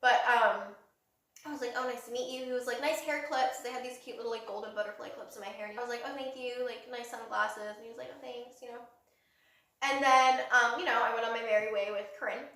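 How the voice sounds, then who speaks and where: A woman's voice: a little high, steady tone, quick pace, a bit bright. A young woman co-hosting a casual gossip chat, telling stories with lots of "like" and giggles. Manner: chatty storytelling, lots of "like", giggly. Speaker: podcast co-host. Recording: very echoey room, mic at a distance.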